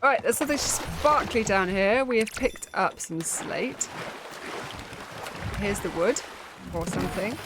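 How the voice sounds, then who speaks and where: A woman's voice: mid-range voice, unhurried, pauses often, noisy background. A woman chatting over her gameplay with sarcastic asides. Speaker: gaming streamer. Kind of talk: let's play commentary.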